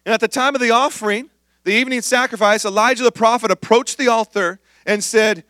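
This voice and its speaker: Bright, high-voiced male preacher, dry sound. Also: steady tone, brisk, no echo. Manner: casual, joking asides between reading. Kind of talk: sermon with scripture reading and commentary.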